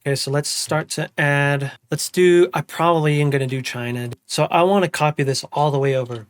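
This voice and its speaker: A young man giving a casual music production tutorial, humming drum patterns out loud as he works. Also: a little high, fairly quick, clean tone, dry recording. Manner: relaxed, hums and sings drum parts aloud. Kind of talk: casual screen-recorded tutorial.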